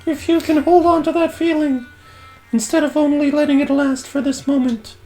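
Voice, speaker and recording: Man voicing a gentle noble lady, high mellow falsetto, faint music behind, visual novel read-along. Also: steady tone, normal speed, low-quality recording. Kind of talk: reading a visual novel aloud.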